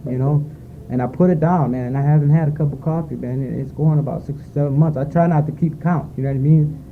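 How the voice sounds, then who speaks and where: A man's voice: a little high, fairly even intonation, fast talker. A man sharing his recovery story at a meeting, rambling and heartfelt, with many fillers. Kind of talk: personal testimony at a recovery meeting. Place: meeting room at a retreat. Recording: phone-like lo-fi tape with faint noise.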